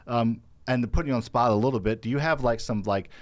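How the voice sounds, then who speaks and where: A man's voice: medium pitch, fast, dry recording. A man co-hosting a podcast in casual chat, rambling and cutting himself off mid-sentence. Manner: rambling, self-interrupting. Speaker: podcast co-host.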